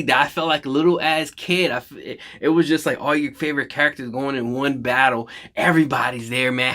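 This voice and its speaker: A man in casual, excited conversation recaps a film scene by scene, his voice bright and forceful. He swears freely and slips into the characters' lines as he retells the action. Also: medium pitch. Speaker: movie reaction host.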